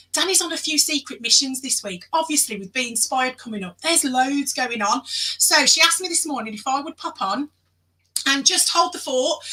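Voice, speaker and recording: A woman hosting a live stream in a loud, excitable, chatty way, reading out viewer comments as she goes. Her voice is high and very bright. She sits a bit back from the mic. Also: recorded from a distance, rough recording. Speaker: guest host of a live show.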